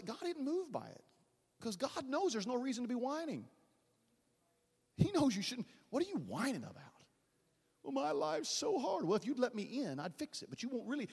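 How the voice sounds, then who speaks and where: A male pastor preaching a sermon in a large church hall, fervent and dramatic, swinging from loud to hushed, with folksy asides to the congregation. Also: extremely high pitch, husky. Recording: long church reverb.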